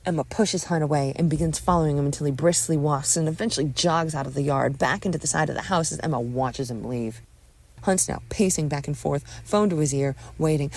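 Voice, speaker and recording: A woman narrating a scripted audio story in an expressive storytelling manner on a close mic. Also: low voice, fairly quick, no room sound.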